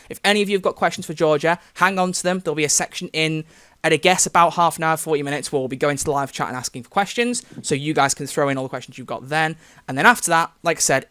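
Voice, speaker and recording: Fast-talking male stream host. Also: a little high, a bit bright, no room sound. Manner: chatty, addresses viewers directly. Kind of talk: live-stream interview hosting.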